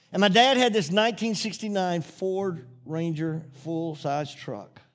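A middle-aged man preaching a sermon, telling a childhood story in a folksy way before building to fervent preaching. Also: mid-range voice. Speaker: pastor.

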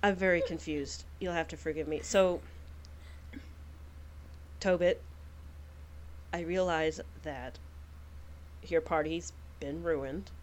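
A woman voicing a troubled, gentle necromancer in a tabletop game, talking slowly and gravely. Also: sits low, steady tone, a little hiss or hum, pitched below the performer's own voice. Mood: pleading. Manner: slow, hushed and grave.

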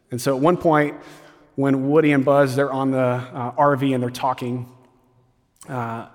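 Animated pastor preaching in a hall. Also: male voice, mid-range voice. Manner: conversational, animated retelling with quick asides. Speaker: campus pastor. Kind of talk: sermon.

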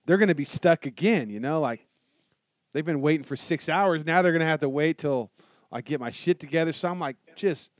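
A man telling a motorcycle story in casual chat, animated and swearing a lot. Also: fairly high pitch, a little fast, dry recording, clean studio sound. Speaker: guest telling a travel story.

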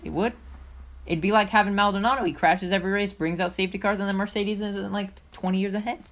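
A woman co-hosting a casual motorsport podcast, talking in an excitable, rambling, playful way. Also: mid-range voice, fast, a little hiss or hum. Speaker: co-host.

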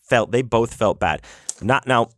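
Speaking at a measured pace in a mid-range, fairly bright voice, this podcast host rambles through a road story. He curses casually and keeps restarting and filling gaps, and the recording is dry.

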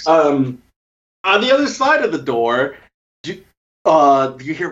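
Hesitant game master, lo-fi audio. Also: male voice, on the high side, big pitch swings, fairly bright tone. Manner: halting, full of fillers and restarts. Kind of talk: narrating a tabletop game.

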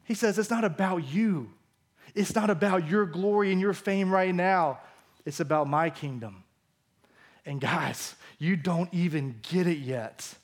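A man's voice: high voice, unhurried. A male pastor preaching a sermon in a church, acting out the disciples' lines as he goes. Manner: animated, acts out the disciples' lines.

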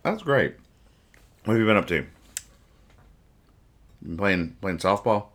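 A man's voice: fairly low pitch, very animated, takes it slowly, fairly bright tone. A man hosting a podcast, casually reading comic strips aloud, joking, rambling and explaining each joke. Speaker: podcast host.

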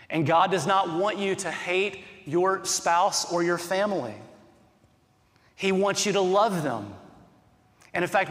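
A man's voice: fairly high pitch, fairly bright tone, in a large hall. A male pastor preaching a sermon in an earnest, conversational way, asking many rhetorical questions.

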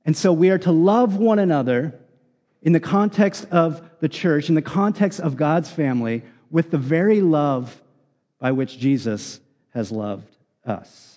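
A man's voice: fairly high pitch, lively intonation, a little slow, dark tone, in a large hall. A man preaching a sermon, explaining scripture in an earnest, emphatic teaching manner with frequent restarts. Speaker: pastor.

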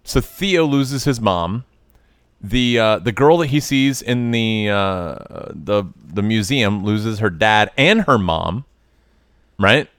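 A man's voice: on the low side, lively intonation, takes it slowly, fairly bright tone, smooth, no echo, clean studio sound. A man co-hosting a podcast, casually picking apart a film with wry teasing and mock-voiced quotes. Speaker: podcast co-host. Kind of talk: casual movie-review chat.

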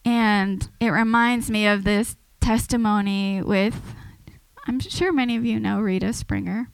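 A woman's voice: mid-range voice, fairly even intonation, a little slow, creaky, smooth, dry recording, rough recording. A woman giving an informal, earnest sermon to a church, talking conversationally and often restarting her sentences. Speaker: preacher.

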